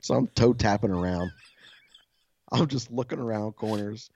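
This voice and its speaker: Soft-spoken male podcast co-host, low voice, casual storyteller, swears a lot, dull dry mic. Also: moderate pace, gravelly. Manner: swears freely, laughs at himself.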